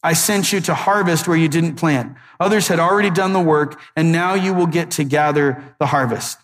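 A male pastor preaching a sermon in a lively, conversational way with joking asides. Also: a little high, moderate pace. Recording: echoey hall.

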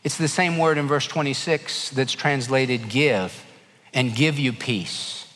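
A male pastor preaching a sermon, animated and emphatic, dropping to a hush for quieter passages. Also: medium pitch, takes it slowly. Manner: animated preaching, swinging between emphatic and hushed. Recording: long hall reverb.

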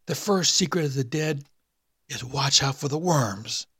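A mocking undead hangman, as a man puts him on, with a dry, raspy, breathy whisper. He speaks slowly and with quiet menace, his voice pushed higher than a plain speaking voice. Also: no room sound. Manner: slow, menacing.

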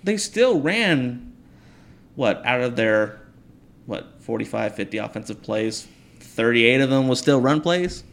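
A man co-hosting a sports podcast, arguing football matchups animatedly and climbing in pitch as he presses his point. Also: expressive, unhurried, creaky, a bit bright. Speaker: podcast co-host. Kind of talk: casual sports chat.

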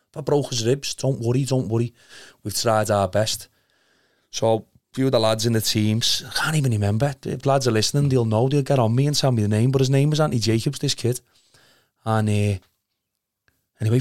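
A man's voice: medium pitch, darkish tone, no echo, studio quality. A young man with a Liverpool accent telling an emotional story in casual chat, rambling, earnest and swearing a lot. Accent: Liverpool (Scouse). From Liverpool, England.

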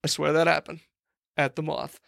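A little high and gravelly, with a level tone, moderate pace and fairly bright quality, this young co-host's voice carries a long comic tale on a podcast. He rambles, leans on "like" and acts out quotes; the studio sound is clean with no echo.

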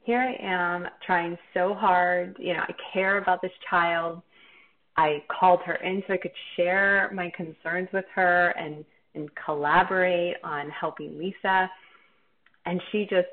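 A woman teacher telling a personal story in a candid, reflective, self-deprecating way. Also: on the low side. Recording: tinny phone-like line.

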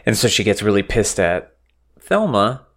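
A man's voice: on the low side, sing-song, moderate pace, a bit bright. A man hosting a podcast, casually recapping film scenes in a loose, profane way. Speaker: podcast host.

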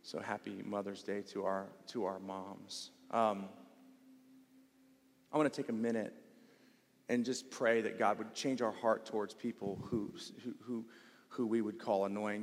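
A male pastor preaching a sermon in a church, emphatic and swinging between loud stresses and hushed passages, repeating words for weight. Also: fairly low pitch, fairly even intonation, measured pace. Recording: long hall reverb.

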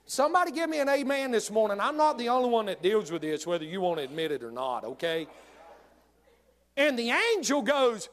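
A male pastor preaching a sermon, telling humorous stories in an animated way. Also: sits high, brisk.

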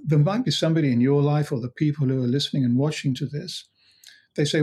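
A man's voice: a little high, fast talker, a little mellow, husky. A man, a hypnotherapist guest in an interview, who tells stories about his clients with many restarts and acts out their dialogue. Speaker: hypnotherapist and mind coach, guest. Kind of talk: conversational interview.

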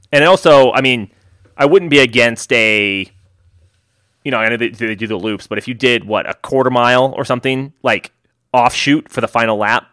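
A man co-hosts a casual running podcast in a loose, rambling way. He chuckles often and restarts his sentences. His voice sits at a middle pitch, recorded close and dry. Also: moderate pace, a bit bright, no echo. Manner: rambling, many fillers and restarts, easy laughs. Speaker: podcast co-host.

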